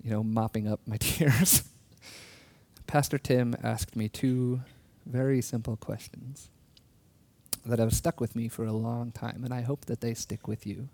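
A man giving a sermon, telling a personal story in an earnest way with soft laughs, and slowing down to stress key words. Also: medium pitch, fairly even intonation, gravelly. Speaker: preacher.

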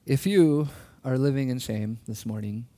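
A man giving a sermon, telling a personal story in an earnest way with soft laughs, and slowing down to stress key words. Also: mid-range voice, no echo. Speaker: preacher.

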